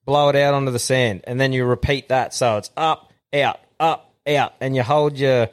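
A man's voice: mid-range voice, steady tone, moderate pace, clean tone. A man co-hosting a podcast, chatting crudely, swearing freely and laughing as he tells workplace stories. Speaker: podcast co-host. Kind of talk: crude casual banter.

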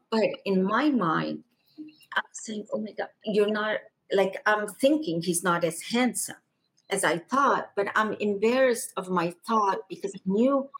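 A middle-aged woman from Egypt telling a personal spiritual testimony as a guest, in a slow, halting and emotional way. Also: on the low side, slightly rough, low-quality recording.

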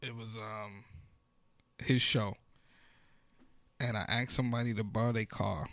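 A man's voice: fairly low pitch, steady tone, unhurried, a bit bright, no room sound. A man, a comedian, telling stories in a loose, profane, slang-filled manner during a casual podcast chat.

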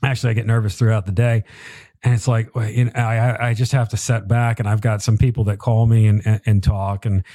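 A man's voice: lowish voice, little pitch movement, brisk, mellow, no echo. A man hosting a livestream interview, chatty and self-deprecating as he reads out viewer comments. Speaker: livestream host.

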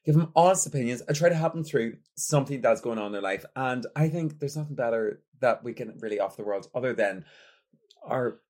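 A man's voice: medium pitch, expressive, fairly quick, a little mellow. A young man hosting a casual advice podcast, playful, laughing often and swearing freely. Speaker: podcast host.

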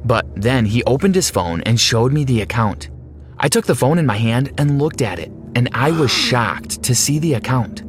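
A young adult man narrating a scripted first-person story in a steady, even way. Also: medium pitch, normal speed, slight background noise.

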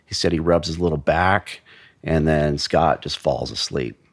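A man, a former investigator, recounting a death case in a measured, blunt way with frequent restarts. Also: a bass voice, no room sound. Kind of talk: true crime storytelling.

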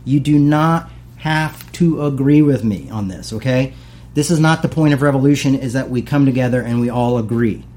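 A man's voice: mid-range voice, moderate pace, a little mellow. A man preaching a casual, conversational sermon as pastor, acting out the voices of the people he quotes.

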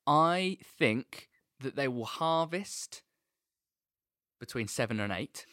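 A man's voice: mid-range voice, slow, no room sound, studio quality. A man chatting casually and making teasing jokes as co-host. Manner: jokey, teasing, lively delivery. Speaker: partner and co-host. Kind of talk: casual chat.

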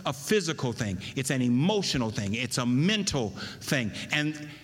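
A man preaching a sermon, swinging between loud emphasis and hushed, near-whispered lines. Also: medium pitch, very animated, normal speed. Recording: long reverb of a large hall.

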